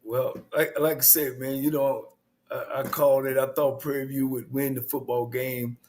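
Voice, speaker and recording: A man's voice: mid-range voice, level tone, moderate pace, a little mellow, a little hiss or hum. Laid-back man breaking down football. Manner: loose, full of "you know" and "uh". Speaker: co-host and football coach. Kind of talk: casual sports analysis.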